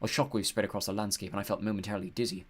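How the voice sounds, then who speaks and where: A man's voice: lowish voice, steady tone, rapid-fire. Man narrating an audiobook. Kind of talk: scripted narration.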